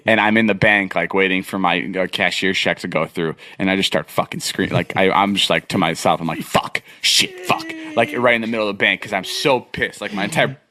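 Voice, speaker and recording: A man's voice: low-pitched, fast talker, few pauses, dry recording. A young man telling a long story on a podcast in a casual, rambling way, full of fillers and restarts. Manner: rambling, filler-heavy, animated retelling. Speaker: podcast co-host.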